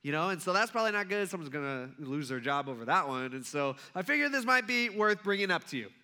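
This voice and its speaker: A man's voice: high voice, very animated, quick pace, pushed and bright, clear, resonant tone, heavily acted. A man voicing a young queen pleading politely for her life, in a chatty, wry, understated way.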